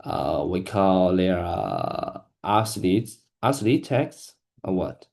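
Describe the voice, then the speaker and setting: Halting, low-voiced man practicing English. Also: very animated, creaky, darkish tone. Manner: halting, hesitant, with many restarts and fillers. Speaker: English learner. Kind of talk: casual practice conversation.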